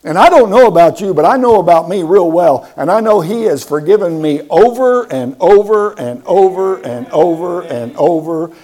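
A man's voice: high voice, animated, moderate pace, hardly any pauses, mellow. A man preaching a sermon, emphatic and repeating words for stress, asking the congregation questions.

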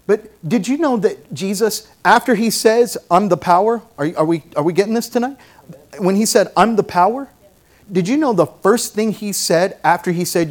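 A middle-aged man preaching a sermon, folksy and joking at times, building to fervent preaching. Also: on the high side. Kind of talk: sermon with object lesson.

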